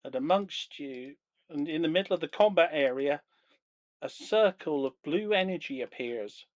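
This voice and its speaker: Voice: medium pitch, lively intonation, moderate pace, dry recording. A game master narrating a live-streamed tabletop game with dramatic description, on a streaming microphone.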